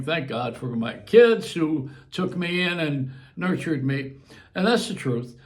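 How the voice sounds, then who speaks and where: A man's voice: sits high, fairly bright tone. An older man, a longtime radio host from Buffalo with a New York accent, rambling through a casual monologue and chuckling as he digresses.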